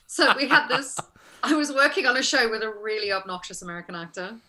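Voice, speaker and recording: A woman from South Africa talks with a bright, forceful tone and a slightly high voice. She chats casually and animatedly, laughing often as she tells stories, heard over a remote video call. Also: a little fast. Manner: chatty, animated storyteller who laughs often. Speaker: actress guest. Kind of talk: casual interview chat.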